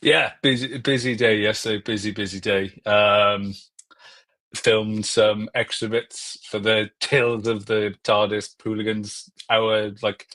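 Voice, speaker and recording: Rambling low-voiced male panelist. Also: flat delivery, unhurried, a bit bright, dry recording. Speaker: podcast panelist. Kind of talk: casual chat.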